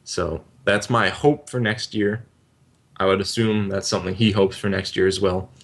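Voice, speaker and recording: A man's voice: low-pitched, steady tone, moderate pace. A young man in his late teens talking earnestly and a bit hesitantly as co-host of a gaming channel. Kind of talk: casual chat.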